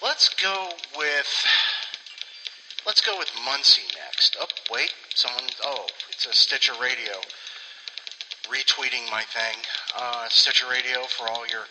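A man's voice: mid-range voice, measured pace, very noisy. A man hosting a podcast in casual, rambling chat, grumbling and making sarcastic asides while walking on a treadmill at home. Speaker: podcast host. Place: home room with a small fan.

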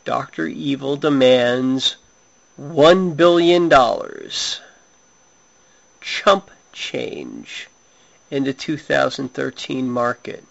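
A man reading a comic story aloud in a slow, drawn-out way. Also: very animated, gravelly. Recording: dull low-fi recording.

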